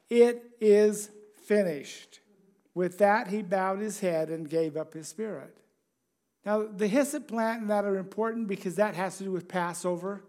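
High-voiced man preaching a sermon. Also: a little mellow. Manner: conversational, chuckling, asks the congregation questions.

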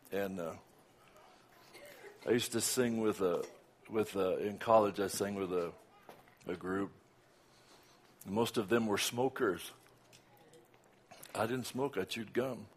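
A man's voice: on the low side, a little hiss or hum. Chatty older Southern preacher man. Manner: chatty, laughing, self-deprecating asides. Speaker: guest preacher. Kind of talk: casual sermon opening.

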